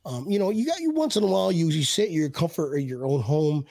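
A man's voice: a little high, animated, quick pace, gravelly, warm tone, dry recording. Joking man hosting a fan show. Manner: joking, rambling with restarts. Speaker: podcast host. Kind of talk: casual chat.

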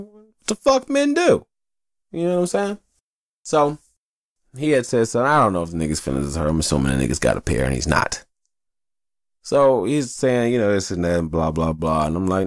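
A man hosting a podcast alone, talking in a casual, rambling and profane monologue, telling stories in an animated way. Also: low voice, normal speed, creaky, dry recording, studio quality. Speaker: podcast host.

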